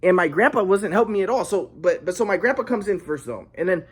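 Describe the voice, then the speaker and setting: Young man, casual monologue, halting, frequent restarts and repeated words. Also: high voice, expressive, breathy edge.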